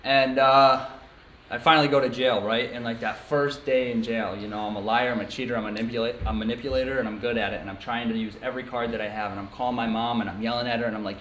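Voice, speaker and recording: A man's voice: mid-range voice, steady tone, quick pace, fairly bright tone, a little hiss or hum. Young man from New York State, candid casual testimony full of fillers, recorded in a roomy hall. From New York State, USA. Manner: casual, frank storytelling with many ums and you-knows. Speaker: speaker sharing his story at a recovery meeting. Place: meeting room before a small group. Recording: echoey meeting room, faint ambience.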